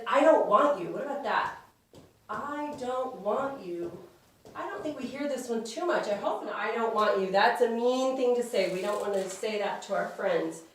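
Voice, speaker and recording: A woman leading a children's church lesson, speaking gently and simply and asking the kids questions. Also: on the high side, heavy reverb, distant mic. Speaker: children's Sabbath school teacher.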